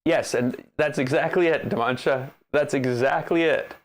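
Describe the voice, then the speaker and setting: A man hosting a maker livestream, chatting casually and telling stories with an animated, ranting manner. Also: medium pitch, moderate pace.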